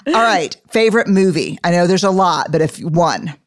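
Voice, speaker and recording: Upbeat woman hosting with rapid-fire questions. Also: on the low side, expressive, no echo, studio quality. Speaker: podcast host. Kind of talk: conversational interview.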